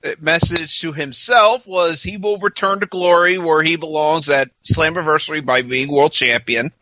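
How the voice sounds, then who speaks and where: A man co-hosting a podcast, recapping a wrestling show in casual chat, sarcastic and quick to mock, laughing often and quoting the wrestlers in mock voices. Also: on the high side, sharp tone, no room sound, highs cut off. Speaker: podcast co-host.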